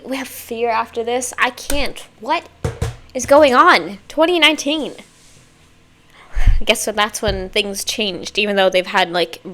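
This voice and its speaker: A woman hosting a music video reaction, talking casually and excitedly, swearing freely, squealing and laughing often. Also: mid-range voice.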